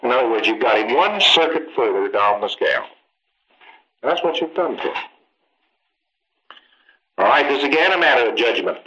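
Bright-voiced man lecturing on lo-fi tape. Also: medium pitch, very animated, moderate pace, long pauses. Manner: emphatic, acts out exchanges, rhetorical questions. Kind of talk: informal training lecture. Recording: dull lo-fi archival lecture tape.

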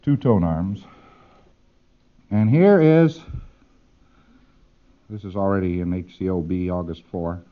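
A man's voice: deep voice, slow pace, long pauses, narrow, tinny audio. A man giving a demonstrative lecture, acting out exchanges with playful repetition.

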